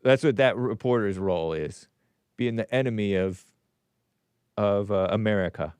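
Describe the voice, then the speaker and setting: Man, livestream host, casual commentary, reads viewer comments, chuckles, clean smooth voice, dry sound. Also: lowish voice, moderate pace, a little mellow, dry recording. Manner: opinionated, chuckling, drifts into asides. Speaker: show host.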